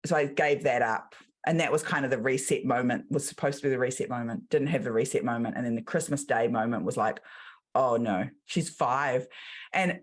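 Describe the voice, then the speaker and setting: A middle-aged woman with a New Zealand accent and a bass voice appears as a guest business coach. She tells her story in a casual way, acting out the quotes within it.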